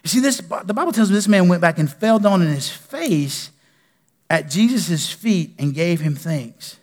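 High-voiced pastor preaching in a hall. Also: male voice, unhurried. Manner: animated, preaching with loud bursts and quiet drops. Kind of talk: sermon. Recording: long reverb of a large hall.

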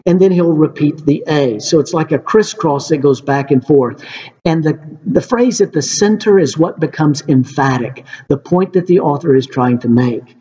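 A man's voice: a little high, mellow. Earnest preacher, man, echoing hall. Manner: earnest, repeatedly addresses listeners as friends. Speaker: pastor. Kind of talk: sermon. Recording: dull reverberant hall recording.

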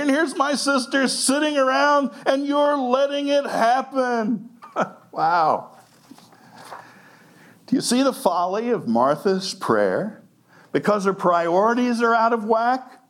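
A man preaching a sermon as pastor, animated, laughing often and acting out quoted lines. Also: high-pitched.

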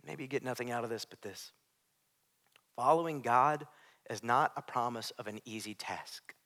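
A man preaching a sermon as pastor, swinging from hushed near-whispers to loud shouts. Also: mid-range voice, moderate pace. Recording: preacher in a large reverberant hall.

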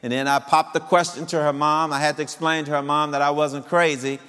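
A man in his fifties tells a personal story in a lively way, laughing often as he goes. His voice sits fairly high for a man. The sound carries a long hall reverb. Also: fairly quick, clear, resonant tone. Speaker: speaker addressing singles.

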